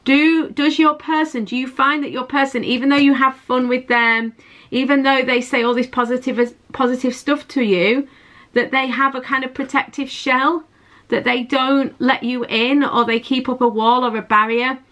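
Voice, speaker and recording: A woman's voice: high-pitched, fairly even intonation, moderate pace, a bit bright. A woman giving a chatty, intuitive tarot reading to her viewers, often repeating and restarting her phrases. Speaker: tarot reader.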